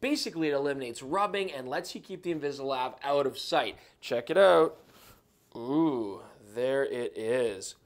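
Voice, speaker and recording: Man riffing on gear, joking, had a few drinks, average pitch. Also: lively intonation, moderate pace. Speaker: co-host reviewing cameras. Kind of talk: casual product review banter.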